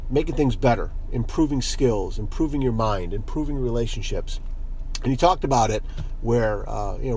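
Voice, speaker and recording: Middle-aged male podcast coach, earnest and rambling, mid-pitched voice, faint vehicle hum behind. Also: a little mellow. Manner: earnest, rambling, many fillers, calls listeners "you guys". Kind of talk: casual motivational monologue.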